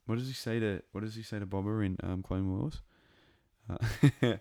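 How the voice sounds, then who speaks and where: A man's voice: deep voice, moderate pace, no echo. A man with an accent close to New Zealand, hosting a podcast of casual fan commentary, rambling and enthusiastic with many fillers and restarts. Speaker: podcast host.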